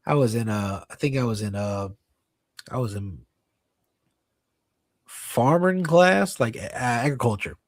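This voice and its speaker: A young man co-hosting a casual late-night podcast, telling a story in a rambling, halting way full of fillers and restarts. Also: medium pitch, lively intonation, no echo. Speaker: podcast co-host.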